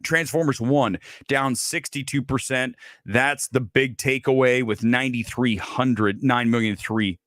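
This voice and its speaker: A man's voice: medium pitch, fairly even intonation, measured pace, fairly bright tone, no echo, studio quality. A man hosting a casual film talk show, ranting bluntly and sarcastically, swearing freely. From Los Angeles area resident. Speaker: host.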